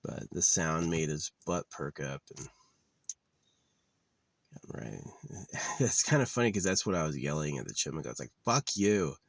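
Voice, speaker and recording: A man's voice: rumbling low, animated, moderate pace, long pauses, no echo. A man talking in a casual, rambling monologue, blunt and profane with a wry edge. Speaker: vlogger. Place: living out of his car.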